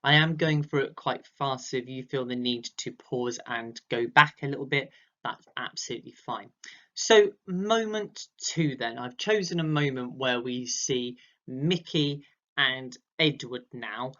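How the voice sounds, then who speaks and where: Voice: mid-range voice, unhurried, fairly bright tone. A drama teacher, giving a recorded online lesson and acting out vocal examples as they explain. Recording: dull lo-fi sound.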